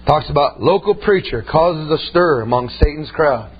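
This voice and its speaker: Speaking at a moderate pace with lively intonation, a man whose voice sits on the high side preaches folksily during a church service, punctuating points with "amen" and "man." A crowd is audible in the background, and the audio is muffled with a faint hum.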